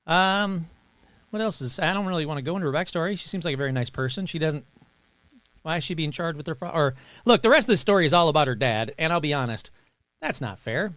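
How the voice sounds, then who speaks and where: A man with a fairly high, lively voice reads paranormal news for his podcast and keeps breaking in with offhand, joking remarks. The sound is dry and close, with no room around it. His talk is loose and casual, full of quick reactions. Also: dry recording. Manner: reads news items aloud with joking asides. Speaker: podcast host. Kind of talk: casual news reading and commentary.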